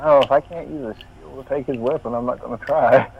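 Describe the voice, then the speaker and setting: A man's voice: mid-range voice, fairly even intonation, a little fast, gravelly, slight background noise. Male tabletop player, casual and rambling, joking, muffled lo-fi sound. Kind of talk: casual tabletop game chat.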